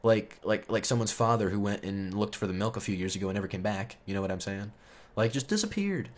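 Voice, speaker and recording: A man's voice: lowish voice, expressive, fast talker. Rambling, profane young man telling a story. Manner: rambling, profane, heavy on fillers; gets loud and heated when indignant. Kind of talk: casual storytime monologue.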